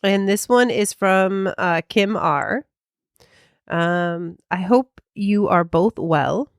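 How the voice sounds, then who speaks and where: A woman's voice: mid-range voice, slow pace, no echo, clean studio sound. A woman co-hosting a podcast, chatting casually and reading listener mail, often hedging with "I mean" and "um". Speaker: podcast co-host.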